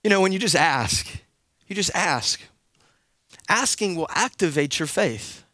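A man in his thirties preaching a sermon, swinging between sung, rising calls and a soft storytelling voice. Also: sits high, lively intonation, measured pace, no room sound, studio quality. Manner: drops to a soft conversational storytelling voice. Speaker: pastor.

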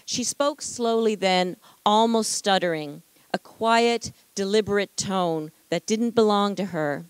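A woman author reading aloud from her novel at a library event, in a measured, expressive reading voice. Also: mid-range voice, smooth, no room sound. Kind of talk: literary reading.

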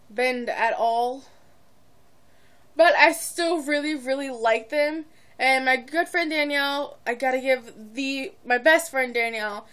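A woman's voice: sits high, a bit bright. A teenage girl vlogging from home in a bubbly, rambling, giggly way. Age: teens. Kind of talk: casual chat to camera. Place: at home, indoors.

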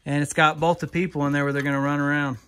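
A man chatting casually as he digs through boxes of finds, rambling and easily excited, recorded on a phone. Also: fairly high pitch, very fast. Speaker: vlogger digging through resale finds. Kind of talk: casual running commentary. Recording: phone recording with loud clicking and handling noise.

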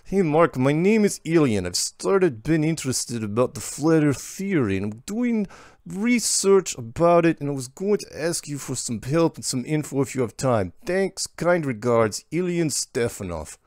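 A young letter-writer with a heavy put-on Eastern European accent, as a man reads him out. The voice sits noticeably higher than the reader's own and lilts in an exaggerated, sing-song way. It stays close and dry. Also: sing-song, moderate pace, a little mellow, no room sound. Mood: earnest.

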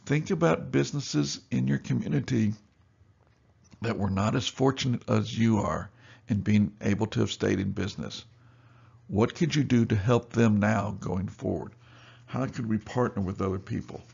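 A man's voice: fairly low pitch, normal speed, gravelly, a little mellow, husky, dull audio. A male store owner giving a seminar talk, telling customer anecdotes and acting out both sides of the conversations. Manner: storytelling, acts out both sides of dialogue.

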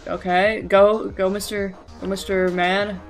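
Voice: medium pitch, a little slow, soft background music. Rambling, sarcastic gaming commentator. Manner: rambling, self-correcting and sarcastic; jokey, excitable outbursts. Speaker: gaming video creator. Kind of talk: casual gameplay commentary.

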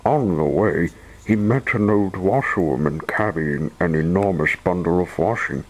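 A man reading a children's storybook aloud with expressive narration. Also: deep voice, moderate pace, low-quality recording.

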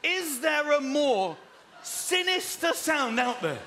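A man doing a stand-up comedy routine on a theatre stage, acting out scenes with sudden shouts and silly animal noises. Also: extremely high pitch, sing-song, slow. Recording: live theatre recording with audience noise. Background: audience laughter.

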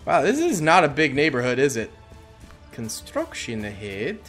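A young man giving goofy, casual commentary over his own gameplay, muttering to himself and then yelling at a character. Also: medium pitch, huge pitch swings, normal speed, soft background music. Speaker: gaming YouTuber.

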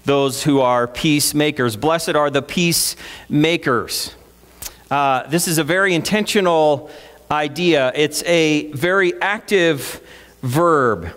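A middle-aged male pastor preaches in a relaxed, conversational way, winding anecdotes into his points. His voice sits fairly high for a man. The sanctuary rings with a long reverb behind him. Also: slow. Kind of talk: sermon. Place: church sanctuary. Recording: long reverb of a church hall.

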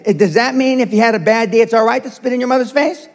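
Speaking fast in a very high-pitched voice, an older man delivers a confrontational, profane motivational seminar. The audience fills a large hall, and the recording carries heavy reverb.

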